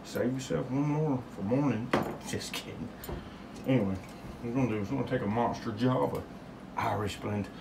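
Casting note: joking man, middle-pitched, rambling drawl, noisy home kitchen recording. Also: fairly quick, gravelly. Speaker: home cocktail show host. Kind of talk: casual cocktail demonstration.

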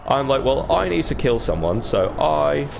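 A gaming YouTuber talks over his own gameplay in a laid-back, profanity-heavy way, swearing a lot and mimicking others. His medium-pitched voice is sing-song and creaky, at a normal speed. Background noise is noticeable.

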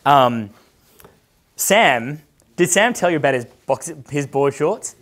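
A brash male dating coach chats casually, swearing freely and laughing as he tells his stories. He slips into quick impressions of the people in them, with a voice pitched in the middle for a man. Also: expressive, a bit bright. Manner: brash, profane, laughing, acts out quoted voices. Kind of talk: casual storytelling chat.

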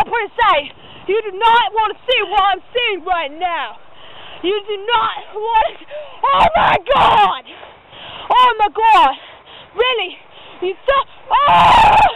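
A woman doing a blustery mock-Aussie adventurer. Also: extremely high pitch. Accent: mock Australian. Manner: hammy, blustery, shouts in alarm. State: out of breath. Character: blustery fake Australian male wildlife adventurer. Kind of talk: spoof outdoor adventure show. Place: outdoors in hot weather. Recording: tinny lo-fi home video with noise.

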